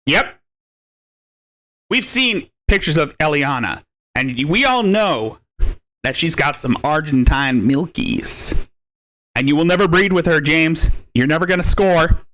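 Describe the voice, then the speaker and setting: A man's voice: fairly high pitch, expressive, unhurried, a bit bright. A man hosting a live stream, ranting in a profane, taunting way and repeating his jabs. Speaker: stream host. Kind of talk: mocking live stream rant.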